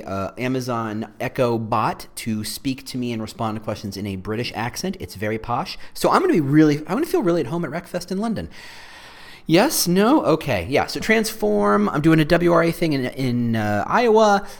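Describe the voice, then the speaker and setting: A man hosting a solo podcast, talking in a joking, rambling, self-deprecating way. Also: mid-range voice. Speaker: podcast host.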